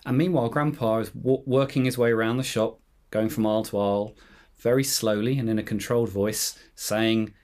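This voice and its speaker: A man preaching a conversational homily, telling stories in an easy, relaxed way. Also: fairly low pitch, brisk. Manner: relaxed storytelling with anecdotes.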